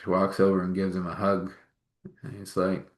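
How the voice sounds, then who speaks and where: A man telling a personal story out loud in a halting, rambling way, with fillers and restarts. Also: sits low, little pitch movement. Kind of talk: casual spoken storytelling.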